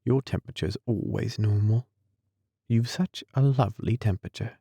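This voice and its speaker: A man voicing a tender, devoted young nurse in an audiobook, soft and coaxing. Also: lowish voice, normal speed, vocal fry, breathy edge, no room sound. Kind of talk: audiobook character reading.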